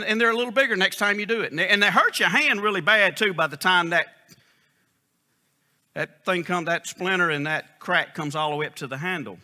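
A man's voice: high voice, pushed and bright. A man preaching a sermon in an emphatic, folksy storytelling style. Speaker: pastor.

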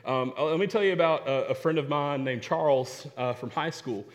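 Young male preacher, somewhat high voice, repeats lines for emphasis, long hall echo. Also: moderate pace. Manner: storytelling, repeats phrases for emphasis. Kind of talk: sermon.

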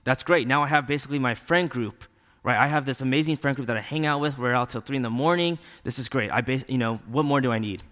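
A man's voice: medium pitch, quick pace, a bit bright. A young man giving a casual personal testimony as a church youth leader, acting out his own thoughts as he goes. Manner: casual and conversational, with many fillers and acted-out inner thoughts. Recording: long hall reverb.

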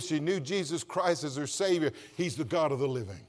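A man preaching a sermon as pastor, swinging from quiet asides up to loud shouted emphasis and asking the congregation to answer back. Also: fairly high pitch, brisk. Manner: calls for congregation response. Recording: long reverb of a church hall.

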